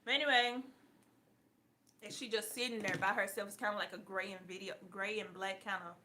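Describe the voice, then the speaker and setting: A woman doing a casual spiritual reading on a live stream, preachy, profane and quick to laugh. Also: medium pitch, steady tone, bright, forceful tone, slight background noise. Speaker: online spiritual reader.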